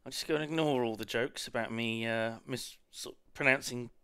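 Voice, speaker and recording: A man chatting casually and swearing now and then while he plays a game on stream, turning soft and cooing when he talks to his cat. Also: medium pitch, normal speed, clear, resonant tone, no room sound. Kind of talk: casual gameplay commentary.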